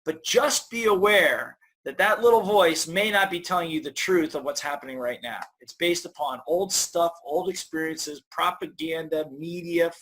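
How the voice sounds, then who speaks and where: A middle-aged man, a guest author, talking in a lively, storytelling way in an interview and acting out the voices in his head. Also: a little high, slight background noise. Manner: energetic storyteller, acts out inner voices. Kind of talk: conversational interview.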